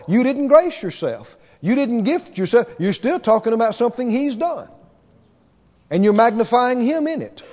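A man's voice: high voice, darkish tone, in a large hall, lo-fi sound. A man preaching a sermon to a congregation, asking them questions as he goes. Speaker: pastor.

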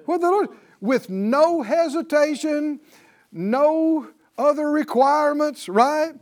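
A man's voice: very high-pitched, expressive, takes it slowly. A man teaching a Bible class in a sermon style, punchy and exhorting, with call-and-response.

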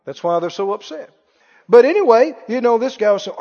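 A man's voice: extremely high pitch, lively intonation, a little fast, mellow. A man preaching a sermon in a folksy, joking way, mocking critics with mock wails. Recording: reverberant hall, dull lo-fi sound.

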